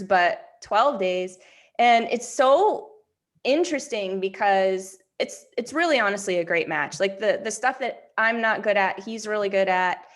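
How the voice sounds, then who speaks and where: A woman from New Hampshire co-hosting a moms' group update, chatting casually and telling stories animatedly with lots of "like". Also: mid-range voice. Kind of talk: casual chat.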